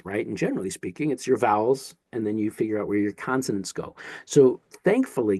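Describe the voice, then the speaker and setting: A man's voice: medium pitch, darkish tone, no room sound, studio quality. A man teaching a recorded Greek lesson, explaining in a playful, jokey way and sounding out syllables as he goes.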